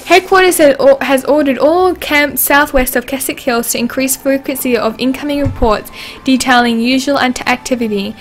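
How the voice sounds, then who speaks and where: A woman's voice: high voice, normal speed. A woman hosting a casual gameplay livestream, chatting and giggling as she reads game dialogue aloud. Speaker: livestream host.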